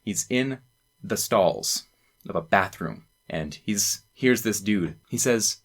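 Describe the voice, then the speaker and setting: A man's voice: on the low side, expressive, slow pace, husky. A young man, a student presenter, talking casually and enthusiastically to camera, rambling and acting out quoted lines. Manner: enthusiastic, rambling, quoting lines in acted voices.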